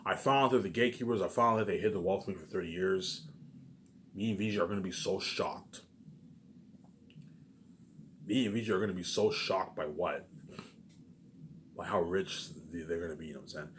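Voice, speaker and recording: A man's voice: low-pitched, a little fast, pauses often, a bit bright, slight background noise. A man rambling through a casual monologue for his viewers, repeating himself often and swearing freely. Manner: rambling and repetitive, with frequent swearing. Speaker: vlogger.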